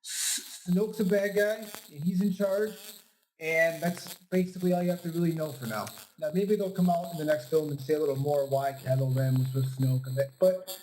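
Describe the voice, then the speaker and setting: A man's voice: fairly high pitch, fairly even intonation, moderate pace, darkish tone, a little hiss or hum, rough recording. A man co-hosting a podcast in casual chat, hesitant and often restarting his sentences. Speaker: podcast co-host. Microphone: home podcast mic.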